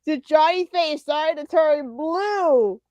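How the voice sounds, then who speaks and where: Female co-commentator, high voice, enthusiastic cheering, dull lo-fi mic. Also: slow pace, darkish tone, no echo. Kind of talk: wrestling color commentary.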